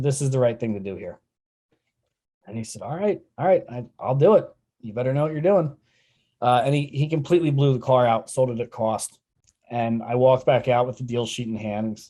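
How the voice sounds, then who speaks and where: Male guest, mellow storyteller, earnest, voices his quotes. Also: mid-range voice. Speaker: sales trainer, guest. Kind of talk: telling a personal story in an interview.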